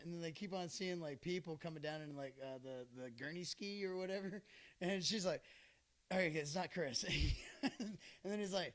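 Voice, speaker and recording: A man's voice: a little high, moderate pace, fairly bright tone. A man hosting a podcast who tells a story in casual chat, rambling with lots of fillers and laughter. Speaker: podcast host.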